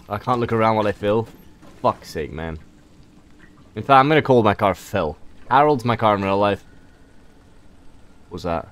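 A man giving casual let's play commentary, excitable, swearing and joking as he plays. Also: lowish voice, normal speed, pauses often. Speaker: gamer playing through a game.

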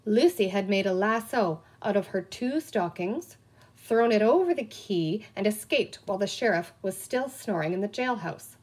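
Expressive woman reading a children's book. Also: medium pitch, moderate pace, husky. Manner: expressive storytelling. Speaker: reader.

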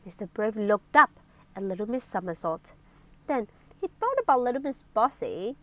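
A woman reading a children's storybook aloud in an expressive, playful way. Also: a little high, moderate pace. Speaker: story reader.

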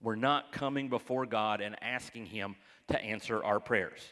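A man's voice: lowish voice, moderate pace. A man preaching a conversational sermon as pastor, with folksy joking asides to the congregation and acted-out quoted voices. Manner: acts out quoted voices, dropping to hushed tones. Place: church sanctuary. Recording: church hall reverb.

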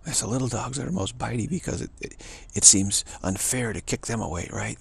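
A man's voice: fairly quick, gravelly, breathy edge. A man giving a rambling spiritual talk, repeating himself and stammering on restarts. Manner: mocking high voices for quoted people. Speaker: spiritual teacher.

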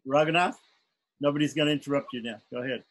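A man's voice: mid-range voice, fast, a bit bright, poor audio. A man teaching an online chanting class, patiently going syllable by syllable and often correcting himself.

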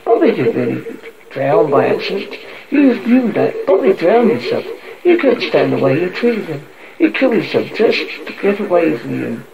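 Guy voicing creepy drowned little boy thing, whiny then nasty, big swoopy pitch, dull lo-fi audio with a crowd murmuring behind. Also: sing-song, normal speed, gravelly. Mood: spiteful. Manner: plaintive then spiteful. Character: sinister boy who returns from drowning, a thing.

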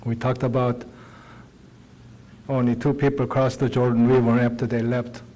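A man's voice: mid-range voice, little pitch movement, normal speed, mellow, low-quality recording. A male pastor preaching a sermon in earnest, conversational English.

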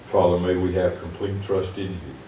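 A man leading a quiet, reverent closing prayer that grows softer toward the end. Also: sits low, little pitch movement, moderate pace, slight background noise. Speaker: preacher. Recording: echoey church room from far off.

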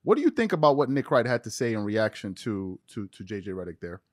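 A man's voice: lowish voice, very animated, fast talker, darkish tone, dry recording. Man hosting an interview in a dry sound. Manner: conversational, reads quotes aloud. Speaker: podcast host. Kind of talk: casual interview questions.

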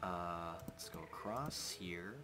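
A man's voice: sits low, takes it slowly, over music. A young man hosting a Minecraft let's play, chatting casually as he builds and talking to his in-game pet. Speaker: gaming channel host.

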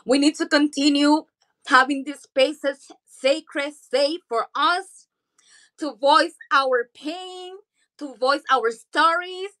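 Heartfelt, emotional woman, fairly high. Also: slow pace, sharp tone. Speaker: audience speaker in an online audio room.

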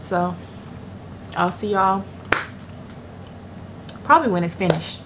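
A woman's voice: medium pitch, unhurried, long pauses. Chatty young woman vlogging from bed. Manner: chatty, slangy, addresses viewers as "y'all". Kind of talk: casual chat to camera. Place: at home in bed. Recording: noisy room ambience behind voice.

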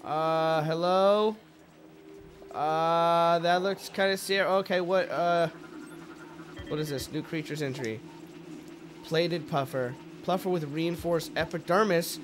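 A man's voice: fairly high pitch, unhurried, pauses often, fairly bright tone, faint music behind. A young man hosting a let's play, commentating with jokes, swearing and sudden yelps at the game. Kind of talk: gameplay commentary.

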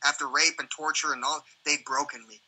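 A man with a high, very bright voice rambles through a casual livestream chat. He swears freely and jumps into quick acted-out exchanges, with a husky edge to his tone. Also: rough recording. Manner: profane, animated, acts out quoted exchanges. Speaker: livestream host.

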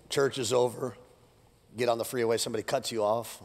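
A man preaching an energetic, joking sermon to a congregation, his voice worn thin from preaching many services, swinging between loud jabs and quiet asides. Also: mid-range voice, fairly quick, slight background noise. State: losing his voice. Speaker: pastor. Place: church auditorium with live congregation. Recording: long hall reverb.

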